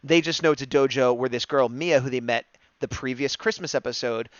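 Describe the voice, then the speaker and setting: A man co-hosting a fan discussion show, excitedly rambling through an episode recap and acting out quoted lines. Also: mid-range voice, fairly quick, dry recording. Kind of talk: casual recap chat, livestream. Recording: dull, dry, lo-fi stream mic.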